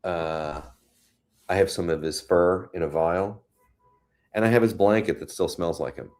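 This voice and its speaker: A man hosting a casual live stream from his home in New York City, chatting about the weather and reading viewer comments aloud with gentle, consoling words. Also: low voice, measured pace. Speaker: host.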